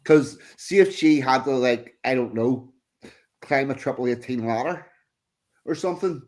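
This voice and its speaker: A man hosting an online stream, reading a news story aloud and breaking off to mock it. His voice sits at an ordinary middle pitch, and his asides are blunt and full of swearing. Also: moderate pace, darkish tone. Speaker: stream host. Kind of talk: casual chat, reading out an article with comments.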